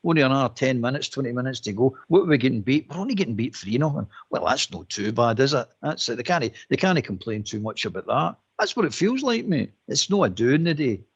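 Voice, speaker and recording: A man's voice: medium pitch, a little fast, few pauses, slightly rough, lo-fi sound. A Scottish man ranting as a caller on a football phone-in, acting out what players say. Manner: animated, ranting, acts out quotes.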